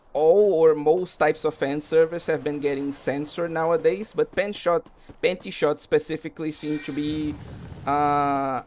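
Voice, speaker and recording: A man's voice: a little high, slight background noise. A man streaming a game, talking casually and rambling with lots of fillers. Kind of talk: casual commentary while gaming.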